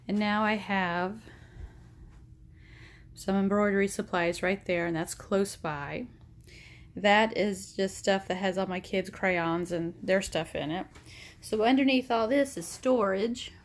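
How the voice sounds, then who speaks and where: A woman in her thirties or forties, a sewing vlogger, giving a chatty, rambling tour of her small home sewing room while filming on her phone. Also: medium pitch. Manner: chatty, rambling, self-deprecating. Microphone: phone held at arm's length.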